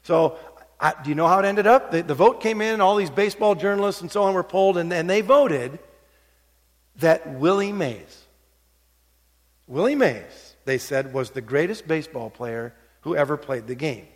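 A high-pitched middle-aged man preaches in a church, his voice ringing through a long hall reverb. He tells stories in a conversational way, then climbs into urgent encouragement. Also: animated, normal speed. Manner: storytelling, swings between hushed asides and rising exhortation. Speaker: pastor. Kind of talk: sermon.

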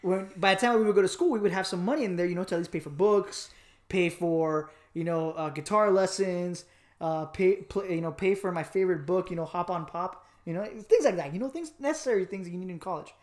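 A man from Miami telling a personal story in a casual podcast chat, animated and joking, with lots of fillers. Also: high voice, a little fast. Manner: animated, joking, acts out voices, many fillers. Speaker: podcast co-host.

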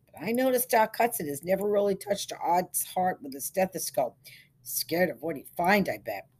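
Woman doing an earnest uneasy young man, low husky voice. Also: expressive, normal speed, darkish tone.

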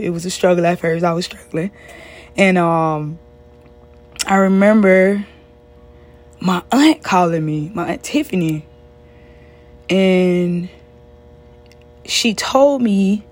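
A young woman with a husky, slightly low voice tells a personal story. She talks earnestly and conversationally, trailing off and restarting her sentences often. Her tone is plain and unpolished. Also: darkish tone.

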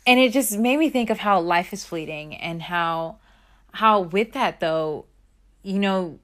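A woman of about twenty reflecting on her life in an earnest, rambling way, full of fillers and restarts, her voice swinging between bright and hushed. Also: fairly low pitch, a little slow. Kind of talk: personal reflective monologue.

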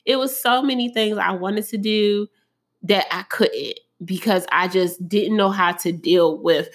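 A woman's voice: medium pitch, measured pace. A woman talking to camera about her own hard times, earnest and emotional, with lots of casual fillers. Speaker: vlogger sharing personal story. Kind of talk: candid personal talk to camera.

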